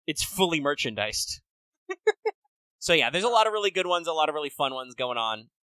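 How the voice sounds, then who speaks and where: A man co-hosting a podcast in casual chat, rambling and swearing with quick bursts of excitement. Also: fairly high pitch, clear, resonant tone, no room sound, low-quality recording. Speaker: podcast co-host.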